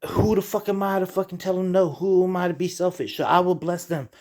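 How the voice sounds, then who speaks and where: A man's voice: high-pitched, fairly even intonation, brisk, darkish tone. A middle-aged man vlogging in a casual, rambling monologue, profane and heated as he digresses.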